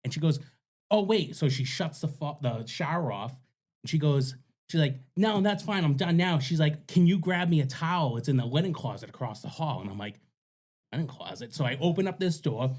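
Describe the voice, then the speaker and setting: A man's voice: a little high, lively intonation, a little fast, darkish tone. A man, telling a crude story on a casual podcast and laughing as he goes. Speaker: podcast co-host.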